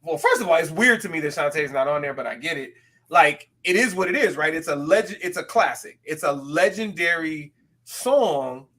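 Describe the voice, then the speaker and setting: Bright-voiced animated male podcast host. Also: a little high. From West Coast of the US. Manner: animated, with quick self-aware asides. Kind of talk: casual podcast chat.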